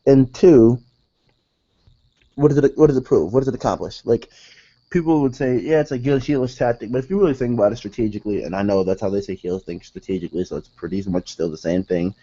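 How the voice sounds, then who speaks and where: Man, mellow dark voice, rambling profane rant, dull lo-fi recording. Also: mid-range voice, quick pace. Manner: rambling, profane, excitable, restarts sentences. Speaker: wrestling show reviewer. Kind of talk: casual rant review.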